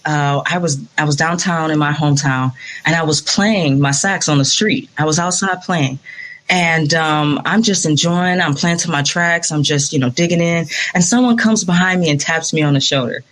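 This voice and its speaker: A woman's voice: deep voice, moderate pace, fairly bright tone. A woman saxophonist as an interview guest, chatting casually and telling stories with enthusiasm and frequent laughter. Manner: enthusiastic storyteller, laughs often.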